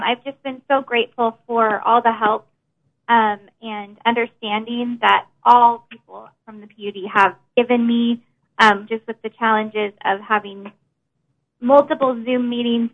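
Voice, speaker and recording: Earnest woman on a phone-like line. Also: fairly high pitch. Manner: earnest, with frequent ums. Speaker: customer service employee. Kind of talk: casual remarks at a remote board meeting. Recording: phone-like audio from a remote meeting.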